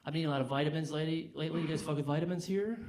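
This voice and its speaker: A young man with a somewhat high voice tells stand-up stories in a dry, deadpan way, then gets loud working the room. He speaks into a handheld stage mic at a brewery show. A live crowd laughs clearly behind him. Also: very fast. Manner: deadpan storytelling, rising to loud crowd work. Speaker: stand-up comedian. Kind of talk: stand-up comedy set.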